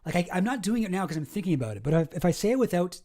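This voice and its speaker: Chill canadian guy streaming, kinda high voice but mellow, rambles with lots of ums. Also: big pitch swings, very fast. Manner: rambling, many fillers and restarts. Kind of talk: casual live-stream chat, reading chat.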